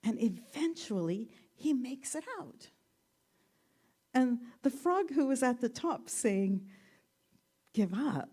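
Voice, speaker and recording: A woman minister giving a sermon, telling stories gently with playful asides. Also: a little high, expressive, takes it slowly, pauses often, husky. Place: church sanctuary.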